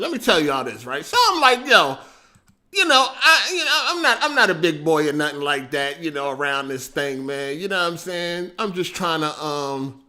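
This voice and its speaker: A man hosting a casual livestream, animated and slangy, laughing often and swearing freely. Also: medium pitch. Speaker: livestream host.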